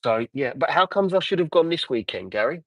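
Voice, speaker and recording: A man's voice: on the high side, expressive, fairly quick, dry recording, rough recording. An Englishman in his forties chatting casually on a livestream while detailing a car, rambling and answering viewer comments. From England. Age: 40s. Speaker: car detailer live-streaming.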